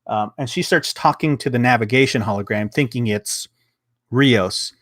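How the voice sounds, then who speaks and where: A man's voice: mid-range voice, moderate pace, fairly bright tone, dry recording, studio quality. A man hosting a casual podcast review of a TV episode, rambling along with lots of fillers, restarts and swearing.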